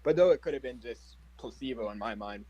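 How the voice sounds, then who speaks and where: A man's voice: mid-range voice, animated, fairly quick, mellow, slightly rough, rough recording. A young man chatting on an online call, joking and hesitant, with many restarts. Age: young adult. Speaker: guest on a call. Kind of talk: casual group chat.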